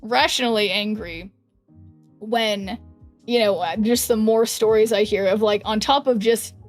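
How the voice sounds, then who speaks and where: A young woman streams from her hot bedroom with a fan blowing, chatting and rambling with lots of fillers and frequent laughter. Her medium-pitched voice stays steady at a measured pace, with faint music in the background.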